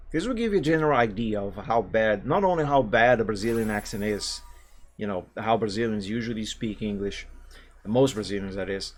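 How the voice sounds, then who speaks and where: A man chatting casually on a livestream, talkative and self-mocking, often restarting his sentences. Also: medium pitch. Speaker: art streamer.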